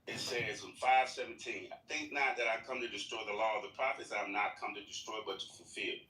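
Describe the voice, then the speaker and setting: A man reads scripture aloud in a preaching style, then comments on it with folksy fervor. His voice is bright and ringing. He sounds a little far off, in an echoey space with faint hiss. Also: lowish voice, brisk. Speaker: speaker in an online voice room.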